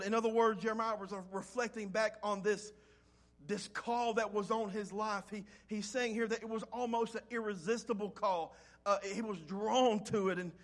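A man preaching a sermon as pastor, reading scripture aloud and swinging between loud rises and soft, low drops. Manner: reads scripture in old-fashioned wording.

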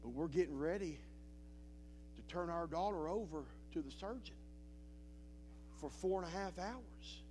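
Man, middle-aged, high-pitched preacher, hushed then impassioned, faint background hum. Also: unhurried, long pauses. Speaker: pastor. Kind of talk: sermon. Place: church sanctuary.

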